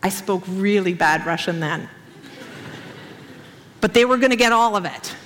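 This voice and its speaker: A woman preaching to an audience in an animated, expressive storytelling style, acting out quotes. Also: medium pitch, a little slow, in a large hall, a little hiss or hum. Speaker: speaker, former missionary. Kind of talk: sermon storytelling.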